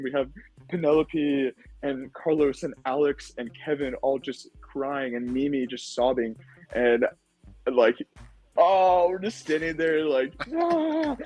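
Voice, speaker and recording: A young man talking as a podcast guest, telling his story in an animated, casual way, full of "like" and "dude". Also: a little slow, faint music behind, low-quality recording. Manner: animated storytelling, acts out quotes in high voices; says "like" and "dude" a lot. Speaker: podcast guest, former contestant.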